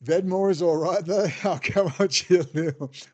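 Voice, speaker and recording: An Australian man with a rather high voice holds forth in a rambling rant, swearing freely and dripping with sarcasm. He sounds exasperated and scornful as he runs down his targets. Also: measured pace, few pauses, darkish tone. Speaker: political commentator. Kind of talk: ranting monologue. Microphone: desk setup with bookshelf behind.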